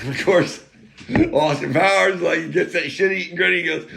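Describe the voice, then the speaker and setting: A man's voice: on the high side, moderate pace, vocal fry, background noise. A man telling a rambling personal story in a blunt, crude way, drifting into side rants.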